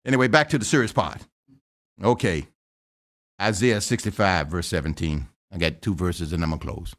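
A man preaching a sermon in a lively, joking way, with quick asides and calls to the congregation. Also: sits low. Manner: lively preaching with jokes and laughter. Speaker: pastor.

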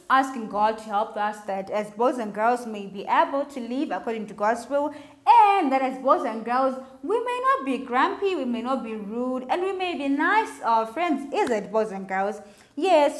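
Woman, children's Sabbath speaker, animated sing-song delivery aimed at kids, voice sitting a little high. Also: unhurried. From Zimbabwe. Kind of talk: children's sermon.

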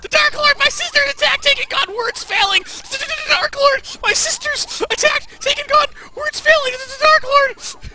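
A man voicing the panicked youngest fairy sister in a video game, shouting in broken bursts. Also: extremely high pitch, very fast, hardly any pauses, voice pushed up. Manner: breathless, shouted fragments.

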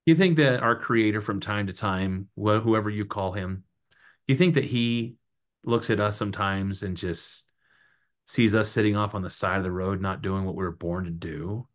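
Animated preachy motivational man. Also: lowish voice, moderate pace. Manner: preachy, animated, storytelling, punchy repetition. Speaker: podcast guest. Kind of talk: motivational interview talk.

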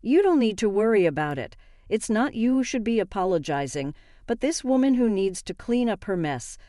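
A woman's voice: mid-range voice, expressive, normal speed, no room sound, studio quality, natural voice. A woman voicing a stern, imposing grown man who speaks sharply and gives orders. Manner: sharp, commanding.

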